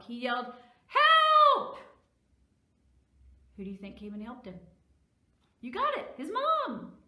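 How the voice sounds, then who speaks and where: Woman librarian, lively story-time reader for small kids, bright voice, echoey room. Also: medium pitch. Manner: animated, asks children questions. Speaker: children's librarian. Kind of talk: virtual children's story time.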